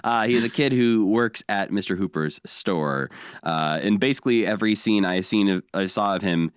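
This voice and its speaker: A man with a fairly low voice walks through episode recaps in a casual podcast chat. He tells it with energy and now and then slips into quick character voices. The recording is close and dry, with no room sound. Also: smooth, no room sound. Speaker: podcast co-host.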